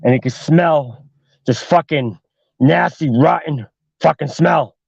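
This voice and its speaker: A man's voice: fairly high pitch, takes it slowly, vocal fry, a little mellow, slightly rough, no echo, dull audio. A man hosting a podcast, telling a horror story casually with heavy swearing and lots of "like". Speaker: podcast host.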